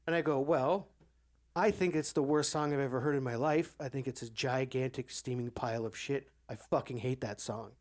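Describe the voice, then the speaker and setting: A man co-hosting a podcast, telling a story in casual chat, animated, acting out the quoted voices and swearing freely. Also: medium pitch, normal speed. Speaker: podcast co-host.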